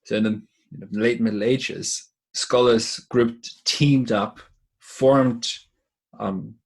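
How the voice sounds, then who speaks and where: A man's voice: medium pitch, fairly even intonation, takes it slowly, gravelly. A man as a podcast guest, speaking thoughtfully in casual conversation and often restarting and repeating words as he explains.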